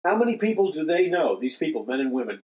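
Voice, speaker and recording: A man's voice: on the high side, very animated, fast talker, darkish tone, lo-fi sound. An older man hosting a religious talk radio show, speaking emphatically, repeating key phrases and making earnest appeals to listeners. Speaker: radio show host and minister.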